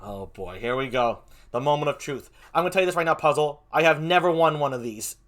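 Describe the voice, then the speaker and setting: A man hosting a live stream game show, theatrical and excitable, calling out vote counts like an auctioneer. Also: fairly high pitch, brisk. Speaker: stream host.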